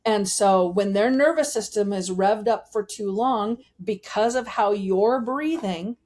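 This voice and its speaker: A woman vocal coach, a guest in an interview, explaining voice technique in an animated way and demonstrating it as she talks. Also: medium pitch, a little slow.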